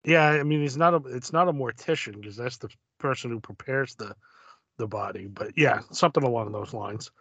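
A man's voice: medium pitch, a little fast, a bit bright, breathy edge, no room sound. A man co-hosting a casual chat about comic books, making dry, wry remarks. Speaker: podcast co-host.

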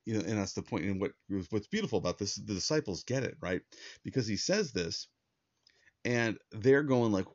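A man with a low voice preaches in a conversational, earnest way, often restarting his sentences. The sound is dry and close, with a slightly dull, muffled tone. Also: animated, brisk, no echo. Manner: earnest, plain-spoken, with many fillers and restarts. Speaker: pastor. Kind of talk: conversational sermon.

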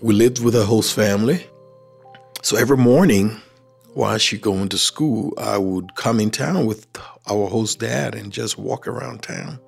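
Faint music sits under a middle-aged man from Liberia who narrates his life story in a Liberian accent at a measured pace. His lowish voice is gravelly and husky, and he animatedly performs the dialogue he quotes.

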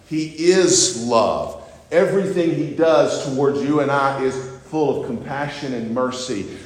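A man preaching an earnest, emphatic sermon, restarting phrases as he presses his point. His voice rings through a big, echoing church hall with a long reverb tail. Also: medium pitch. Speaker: pastor. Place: church sanctuary.

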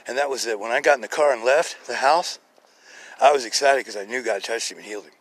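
A man on a podcast spins a loose, chatty story about prayer and healing. He swings from quiet, near-whispered asides to loud, excited quoted lines, laughing often along the way. It sounds recorded on a phone outdoors. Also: mid-range voice, fast, husky. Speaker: podcast host telling a testimony. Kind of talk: rambling casual storytelling. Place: outdoors in a neighborhood, birds and a dog nearby.

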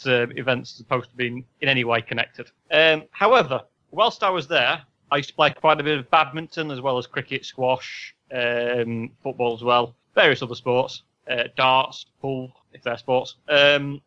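A young man co-hosting a casual podcast, wry and deadpan, rambling through stories. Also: mid-range voice, moderate pace, few pauses, no room sound, highs cut off. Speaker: podcast co-host. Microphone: home mic with pop filter on a video call.

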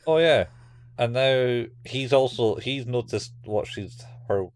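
A man's voice: mid-range voice, takes it slowly, darkish tone, no room sound. A man co-hosting a podcast, casually recapping an anime and acting out lines in raised voices. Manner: rambling, acts out quotes in raised voices. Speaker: podcast co-host.

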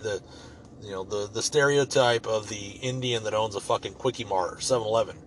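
A man's voice: mid-range voice, fairly bright tone. A man in his ordinary middle register tells a story in a loose, rambling way. He swears freely and keeps it joking and offhand, with a faint hiss of background noise under his voice. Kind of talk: casual storytelling monologue.

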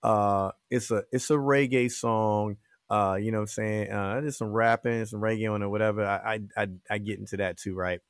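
Rambling comedian with a dry, close sound. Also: male voice, fairly low pitch, steady tone, normal speed, clean tone, no room sound. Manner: rambling, many fillers and restarts. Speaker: guest comedian. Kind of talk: casual interview chat.

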